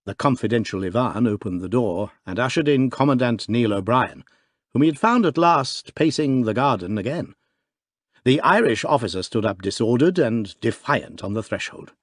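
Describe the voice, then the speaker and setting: A man narrating a classic detective story in an expressive, dramatic reading. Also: mid-range voice, normal speed, dry recording, clean studio sound. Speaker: audiobook narrator. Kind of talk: scripted narration.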